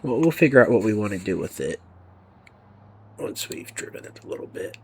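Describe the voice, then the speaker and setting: A man's voice: on the low side, very animated, fairly quick, a little hiss or hum. A man giving rambling, casual commentary over gameplay, sometimes dropping to a near whisper. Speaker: gaming video creator.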